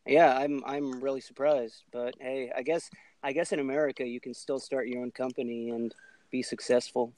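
A man from Ohio co-hosting a podcast, chatting easily with a few halting restarts. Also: mid-range voice, little pitch movement, a little mellow. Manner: easygoing, chatty, a little halting. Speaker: podcast co-host. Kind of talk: casual chat.

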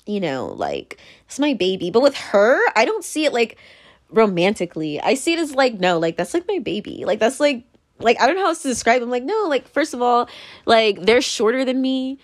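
Young woman, casual vlog monologue, rambling with fillers, lively pitch, dry close sound. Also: normal speed, dry recording. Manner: rambling, many fillers and restarts, animated swings.

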